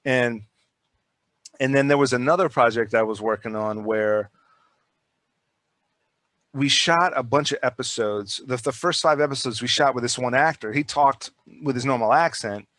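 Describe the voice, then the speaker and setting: A man's voice: medium pitch, normal speed, long pauses, fairly bright tone, no echo. A filmmaker guest holding forth in a casual podcast conversation. He is a man with an ordinary mid-range voice, recorded dry and close. His telling rambles and jumps, full of restarts and repeated words as he works up to each point.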